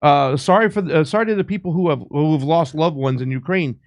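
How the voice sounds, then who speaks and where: A man's voice: on the high side, fast talker, no room sound. A man hosting a casual political talk show, indignant, profane and emphatic. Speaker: show host.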